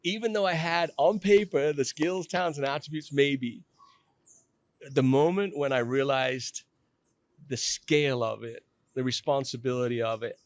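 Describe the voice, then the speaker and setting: A man's voice: medium pitch, no echo. Candid middle-aged man, dry close mic. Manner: emotional, self-deprecating, halting with restarts. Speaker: company president telling his story as podcast guest. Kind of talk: candid conversational storytelling.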